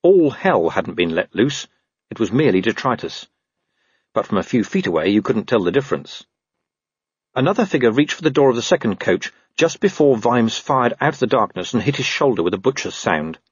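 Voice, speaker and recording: Male audiobook narrator, wry and animated; dry close mic. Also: mid-range voice, brisk, breathy edge, no room sound, dull audio. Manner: lively, wry storytelling. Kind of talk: scripted narration of a comic fantasy novel.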